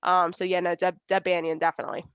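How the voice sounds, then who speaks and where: A woman's voice: on the low side, little pitch movement, fast, fairly bright tone, clear, resonant tone, no room sound, dull audio. A young woman in her twenties, an arm wrestler, chatting casually in an interview, laughing often and acting out quoted voices.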